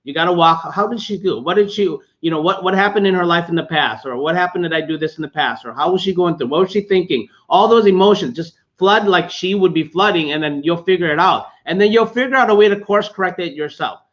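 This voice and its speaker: Earnest high-voiced man giving advice. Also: quick pace, hardly any pauses, a bit bright. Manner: earnest, repetitive, coaching tone. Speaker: relationship podcast co-host. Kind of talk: casual advice talk. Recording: dull lo-fi sound.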